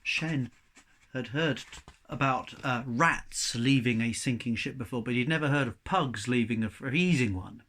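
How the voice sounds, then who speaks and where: A man reading a children's novel aloud to young pupils, with a chatty, expressive manner. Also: medium pitch, unhurried, slight background noise.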